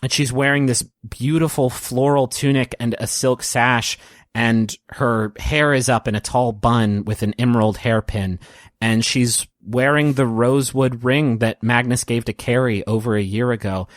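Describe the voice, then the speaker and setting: A man's voice: medium pitch, steady tone, measured pace, dry recording, studio quality. Casual man narrating a tabletop game. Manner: casual, with many fillers and chuckles. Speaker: game master.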